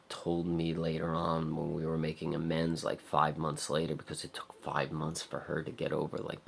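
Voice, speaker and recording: A man's voice: a bass voice, creaky, slight background noise. A young man in a raw personal vlog, rambling and swearing in frustration. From America. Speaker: vlogger.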